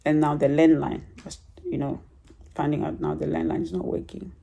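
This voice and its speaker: A woman with a low, creaky, dark voice and a breathy edge shares a casual church testimony at a moderate pace in a steady tone. She's chatty and rambling, laughing often and showing some emotion as she tells her story.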